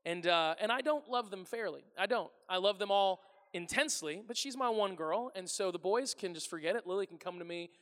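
A man in his thirties preaches to a congregation with a very high, bright, forceful voice. He tells comic stories about his family, lively and self-deprecating, and slips into voices for his family. His voice rings with the long reverb of a large church hall. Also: fairly quick. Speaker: pastor. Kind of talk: humorous sermon storytelling.

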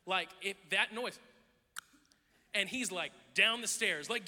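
Bright, animated man preaching in a hall. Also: very high-pitched, brisk. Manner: animated storytelling, jokes and acted-out quotes. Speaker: pastor. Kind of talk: sermon. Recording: long hall reverb.

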